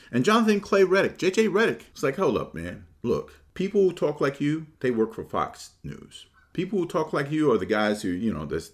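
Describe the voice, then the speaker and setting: A man giving a casual, opinionated sports monologue, shifting between relaxed talk and animated, mocking quotes. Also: deep voice. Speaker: sports commentator.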